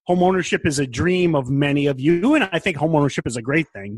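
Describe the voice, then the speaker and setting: A middle-aged man co-hosting a podcast in casual chat, animated and stammering into restarts. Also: on the high side, quick pace, husky, dry recording. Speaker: podcast co-host.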